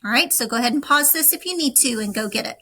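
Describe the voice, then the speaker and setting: A woman teaching a recorded lesson, speaking slowly and deliberately to young students. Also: on the high side, lively intonation, pushed and bright, poor audio. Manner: slow, deliberate, instructive.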